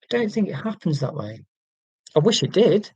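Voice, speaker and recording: A man's voice: high voice, sing-song, moderate pace, a little mellow, breathy edge, no room sound, muffled recording. A man hosting a casual livestream, reading out viewer comments and talking in an earnest, rambling, self-deprecating way with many ums and restarts. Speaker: livestream host.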